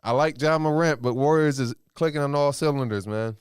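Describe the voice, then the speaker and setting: A man with a smooth, clear voice hosting a laid-back podcast chat. He responds in an easygoing, encouraging way with casual slang. The recording is dry and close. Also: mid-range voice, fairly quick, dry recording. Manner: relaxed, affirming listener with slangy back-channels.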